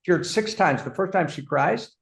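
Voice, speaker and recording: A man hosting an animated film discussion, talking emphatically and breaking into excited bursts. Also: high voice, moderate pace, vocal fry. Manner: warmly addresses his partner as "my friend". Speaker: host, philosopher.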